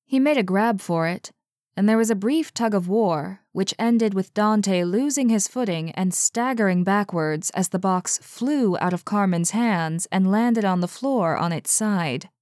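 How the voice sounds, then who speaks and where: A woman narrating a story aloud in a slow, deliberate way. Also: medium pitch, a little mellow, no room sound, clean studio sound.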